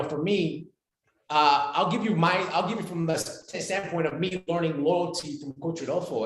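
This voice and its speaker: A man in his forties, a podcast guest talking in an animated, emphatic way and repeating phrases for weight. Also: on the high side, reverberant.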